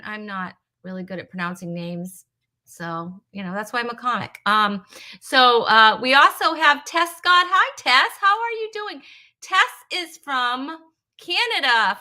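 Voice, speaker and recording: Bright-voiced, chatty woman hosting a comedy stream. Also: a little high, normal speed. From Rhode Island. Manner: chatty, teasing, rambling with fillers. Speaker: host.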